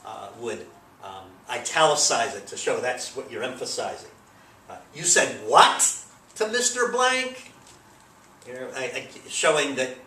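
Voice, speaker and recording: A man's voice: mid-range voice, bright, forceful tone, slight background noise. Man teaching grammar in an echoey room. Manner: loose, rambling explanation with many fillers. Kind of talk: recorded grammar lesson. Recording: echoey room, mic at a distance.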